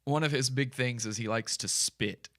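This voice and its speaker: A man's voice: medium pitch, normal speed, a bit bright, no echo, studio quality. A man hosting a live stream, commenting casually and animatedly, often laughing between lines.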